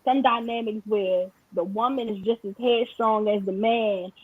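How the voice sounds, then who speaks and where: A high-pitched woman in casual podcast chat, her voice dry and close. She tells animated stories and acts out quoted lines. The sound is thin and tinny, like a phone line. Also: moderate pace, slightly rough, no room sound. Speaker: podcast host.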